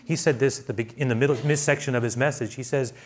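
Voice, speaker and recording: A man preaching a sermon as pastor, who often restarts his phrases and swings between quiet asides and loud, raised emphasis. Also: fairly even intonation, fast talker. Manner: builds to loud, high-pitched emphasis, then drops to quiet asides; repeats words and restarts phrases.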